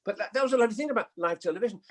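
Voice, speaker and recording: An older man, a guest actor, telling anecdotes in an animated way and acting out the voices in them. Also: sits high, very fast. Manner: animated storyteller, acts out voices in his anecdotes. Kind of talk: anecdotal chat.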